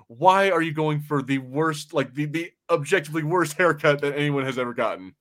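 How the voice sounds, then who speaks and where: A man's voice: fairly high pitch, fairly quick, hardly any pauses, fairly bright tone. A man hosting a casual podcast chat, blunt and profane, laughing often.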